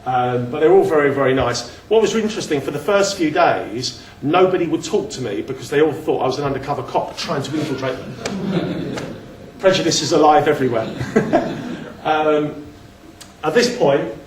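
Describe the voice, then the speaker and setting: A man's voice: on the high side, lively intonation, moderate pace, slight background noise. A man giving a casual slide talk, chatty and self-deprecating, often restarting his sentences. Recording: echoey room, mic at a distance.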